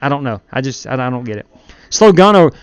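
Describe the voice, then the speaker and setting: A man's voice: mid-range voice, steady tone, rapid-fire, no echo. A man streaming a sim race live, chatting casually and greeting viewers by name as he drives. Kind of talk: live stream commentary while racing.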